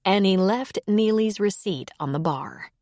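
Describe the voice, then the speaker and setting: A woman narrating a romance audiobook in an even, unhurried way. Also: mid-range voice, no room sound, studio quality. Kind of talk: scripted narration.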